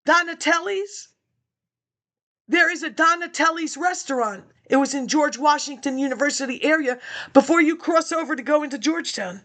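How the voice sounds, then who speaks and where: A woman's voice: high voice, normal speed, fairly bright tone. A woman vlogger in a rambling casual monologue, hopping from topic to topic, chuckling to herself and speaking straight to her viewers. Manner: chatty, jumps between topics, chuckles to herself.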